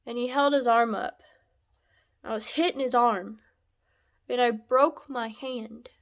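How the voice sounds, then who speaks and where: A woman recounting a painful personal story in a halting, soft-spoken way, sometimes dropping to a whisper. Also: on the high side, steady tone. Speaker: vlogger sharing a personal story. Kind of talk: emotional personal testimony.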